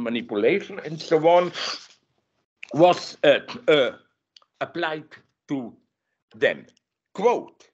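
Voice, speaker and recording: A man giving a masterclass lecture, talking in an animated, digressive way and often correcting himself mid-sentence. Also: mid-range voice, a little hiss or hum. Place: university lecture room. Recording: dull lo-fi lecture recording.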